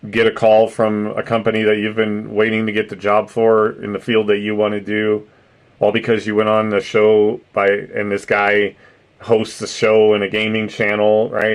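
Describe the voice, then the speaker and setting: Middle-aged guy streaming, kinda low voice, rambles on, laughs, cusses a lot. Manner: rambling, laughs often, swears casually. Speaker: streamer host reading chat. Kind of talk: casual live-stream chat.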